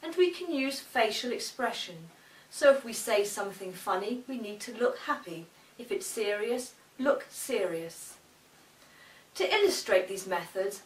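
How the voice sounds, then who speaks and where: A woman speech teacher giving a lesson, speaking slowly and enunciating every word with care. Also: medium pitch. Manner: slow, deliberate, carefully enunciated. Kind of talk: instructional demonstration. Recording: echoey room, mic far off.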